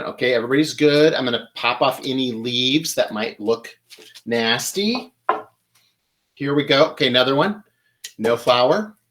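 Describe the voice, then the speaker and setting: A man's voice: fairly high pitch, fairly bright tone. A man hosting a live flower-care tutorial, chatting while he works at a table and repeating his tips for emphasis. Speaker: florist host.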